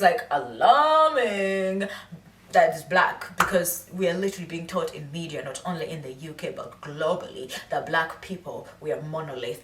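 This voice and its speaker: A young woman vlogging casual commentary, lively and laughing, breaking into high mimicking voices. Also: far from the mic, slight background noise. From England. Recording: echoey room, voice off-mic.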